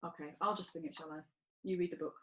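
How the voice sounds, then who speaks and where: A woman leading an online children's church session, talking gently and playfully to small children while doing crafts and telling a story. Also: low voice, fairly even intonation, fast talker, a little hiss or hum, poor audio. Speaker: children's church group leader.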